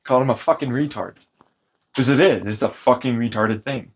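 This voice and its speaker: A man's voice: mid-range voice, brisk, husky. A man arguing and then ranting about the dispute in an insistent, mocking, profane way. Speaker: vlogger recounting a family dispute. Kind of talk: heated argument and ranting commentary. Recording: dull lo-fi recording.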